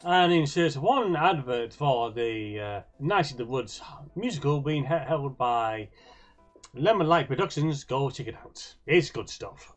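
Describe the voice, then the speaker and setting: A man co-hosting a casual game playthrough, talking haltingly and repeating words. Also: mid-range voice, animated, faint music behind. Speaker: let's play co-host.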